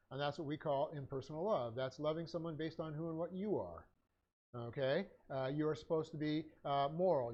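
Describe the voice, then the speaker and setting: A man's voice: on the high side, lo-fi sound. A man teaching a Bible class, dictating notes with punctuation and many hesitant fillers.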